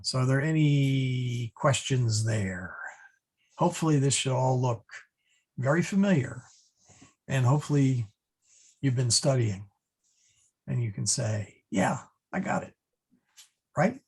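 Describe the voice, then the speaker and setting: A man teaching a Latin lesson at an unhurried, deliberate pace. His voice is slightly husky, and he stumbles through fillers and restarts. He chuckles now and then at his own asides. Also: medium pitch, a little mellow. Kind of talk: online class lecture.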